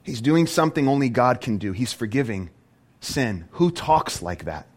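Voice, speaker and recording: A man preaching a sermon as a pastor, animated and full of rhetorical questions. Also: medium pitch, normal speed.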